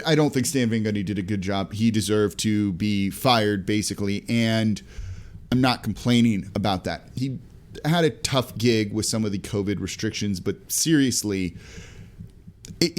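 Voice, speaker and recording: Guy hosting a solo sports podcast, talking fast and chatty, lots of quick asides. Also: medium pitch. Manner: energetic, conversational, fast asides. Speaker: podcast host.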